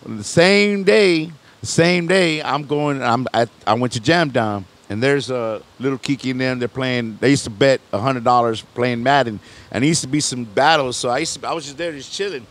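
A man's voice: medium pitch, normal speed, fairly bright tone. Laid-back man telling a long story. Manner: rambling, loose slang, frequent "you know what I'm saying", restarts and laughs. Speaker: rapper guest on a podcast. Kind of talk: casual storytelling interview.

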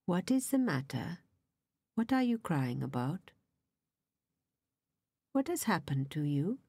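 A woman reading the part of a gentle, concerned nun in an audiobook, questioning softly. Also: lowish voice, big pitch swings, slow, slightly rough, no echo, voice pushed down, heavily acted.

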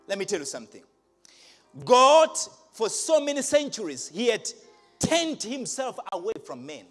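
A man preaching a live sermon to a congregation, speaking emphatically, asking the crowd questions and rising to shouts. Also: high-pitched. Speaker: pastor. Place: large church hall.

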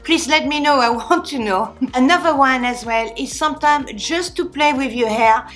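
A French-accented woman in her forties chats candidly to camera, giving beauty tips with small slips and restarts. Her voice sits a little high. Faint music plays quietly behind her. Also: moderate pace. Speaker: beauty vlogger. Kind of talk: casual talk to camera.

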